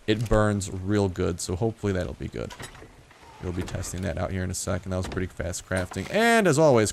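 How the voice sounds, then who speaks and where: Low-voiced rambling young male gamer. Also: gravelly, slight background noise. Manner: rambling, jokey, profane. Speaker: gaming YouTuber. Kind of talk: casual gameplay commentary.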